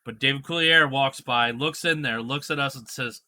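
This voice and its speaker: A man's voice: medium pitch, moderate pace. A man co-hosting a casual podcast chat, telling stories and acting out the quotes. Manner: animated storyteller, acts out quotes. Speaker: podcast co-host.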